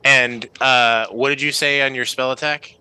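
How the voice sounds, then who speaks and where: A man's voice: mid-range voice, fairly even intonation, moderate pace, pushed and bright, a little hiss or hum, rough recording. A man narrating as game master in a loose, chatty way with many fillers.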